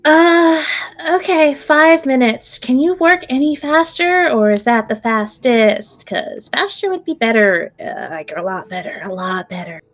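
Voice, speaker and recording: A woman voicing a tired, foul-mouthed female halfling fighter who complains in quick bursts. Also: sits high, expressive, dull audio. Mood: frantic. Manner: exasperated, swearing, quick complaints.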